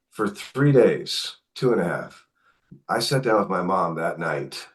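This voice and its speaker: A middle-aged man with a low, deep voice tells a family story as a guest in an interview. He talks animatedly and jumps into other people's voices when he quotes them. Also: a little slow. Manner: animated, acts out quotes in his telling. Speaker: guest author. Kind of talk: conversational storytelling.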